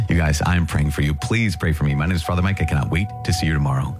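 A middle-aged man, a priest, giving an earnest, animated talk with lively self-mocking asides. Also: a bass voice, quick pace, few pauses, music in the background. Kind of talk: podcast homily and video talk.

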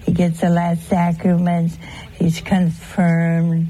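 A woman's voice: fairly low pitch, little pitch movement, slow, warm tone, low-quality recording. A woman giving a homely, conversational sermon, teasing her listeners with rhetorical questions. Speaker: religious teacher.

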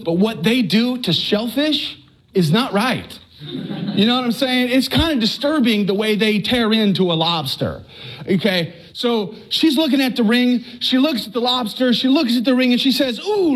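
High-voiced man telling a story. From Texas. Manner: animated, earnest, with stammers and repeats. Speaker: speaker giving a personal testimony. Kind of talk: storytelling talk to a live audience.

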